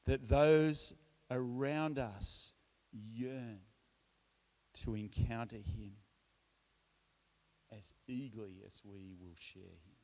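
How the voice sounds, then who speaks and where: A middle-aged Australian man speaking at church, telling a personal testimony in a relaxed storytelling way, with self-deprecating humor and frequent restarts. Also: mid-range voice, extremely slow, pauses often.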